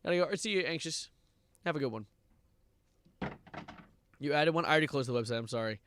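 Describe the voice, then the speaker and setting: A young man streaming live and reacting to online content, ranting sarcastically, swearing and breaking into loud outbursts. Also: fairly high pitch, animated, quick pace, slight background noise. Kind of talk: livestream reaction commentary.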